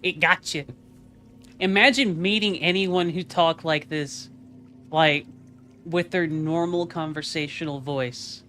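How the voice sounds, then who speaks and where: A man's voice: fairly high pitch, fairly even intonation, slow, sharp tone. A male streamer chatting casually and teasing his viewers, laughing often while a game plays. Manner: playful, teasing chat with lots of laughter. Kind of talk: casual live-stream chat.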